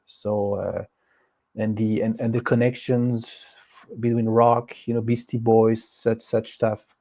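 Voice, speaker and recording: French-accented man with a mellow voice. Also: lowish voice, completely flat delivery, slow. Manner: hesitant, many fillers and restarts. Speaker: guest. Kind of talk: casual interview answers.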